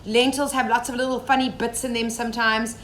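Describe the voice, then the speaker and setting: Chatty high-voiced woman in an echoey kitchen. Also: level tone, fairly quick, a bit bright. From Zimbabwe. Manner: chatty, greets viewers by name while cooking. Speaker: safari cook. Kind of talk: live-streamed cooking demonstration. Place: home kitchen. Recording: echoey kitchen with faint ambient noise.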